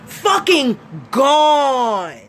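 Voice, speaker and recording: A woman on a live stream, delivering a blunt, profane rant that swings from emphatic talk to shouting. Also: high voice, big pitch swings, drawn-out words, slight background noise. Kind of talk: profane ranting monologue.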